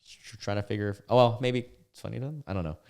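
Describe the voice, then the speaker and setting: Low-voiced young man stumbling through commentary. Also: creaky, a little mellow. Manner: halting, stumbles and restarts words. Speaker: YouTube reaction host. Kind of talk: casual commentary reading online posts.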